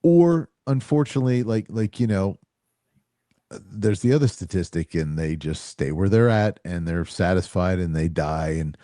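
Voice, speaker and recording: A man's voice: low voice, moderate pace, dry recording, clean studio sound. A middle-aged man hosting a podcast, telling stories in casual chat and acting out the quoted lines. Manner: animated, acts out quoted dialogue. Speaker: podcast host.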